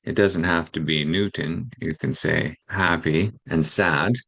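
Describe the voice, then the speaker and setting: A man narrating instructional guidance for teaching, speaking in a calm, explanatory way. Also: low voice, unhurried, creaky. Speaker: teacher trainer.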